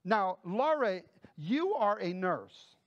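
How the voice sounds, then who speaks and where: A man's voice: high voice, very animated, slow pace, no room sound, muffled recording. A male pastor preaching a conversational sermon, reading Bible verses aloud and explaining them with asides to the congregation. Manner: conversational preaching with frequent "folks" and "okay?" asides.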